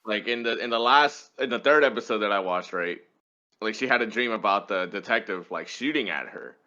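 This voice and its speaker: A man's voice: fairly low pitch, fairly quick, sharp tone, lo-fi sound. A man co-hosting a podcast, chatting casually and swearing as he talks. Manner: laid-back, swears, laughs between points. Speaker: podcast co-host. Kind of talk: casual chat.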